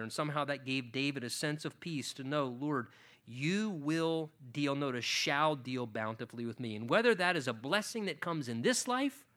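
A man's voice: a little high, a bit bright. A middle-aged male pastor preaching a sermon, acting out scripture with rising passion. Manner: impassioned, voicing scripture with rising intensity.

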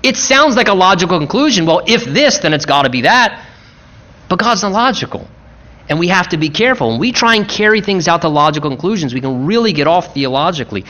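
A man preaching a sermon, with emphatic repetition, slowing down for stress and rushing through quick asides. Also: sits high, sharp tone, dull audio. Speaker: pastor.

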